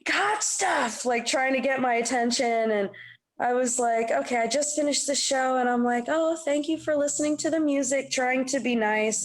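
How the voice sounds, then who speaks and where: A woman musician with a higher-pitched voice chats through a casual interview. She tells her stories in an animated, rambling way and leans on "you know" fillers. She sounds like a young adult speaking freely. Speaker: musician guest. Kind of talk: casual interview chat, storytelling.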